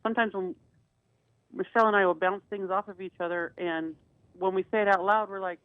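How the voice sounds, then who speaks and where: A woman's voice: mid-range voice, fairly even intonation, a little fast, clear, resonant tone, dry recording. A middle-aged woman co-hosting a radio talk show, telling personal stories in an earnest way with many restarts. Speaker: co-host. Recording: dry, phone-like radio sound.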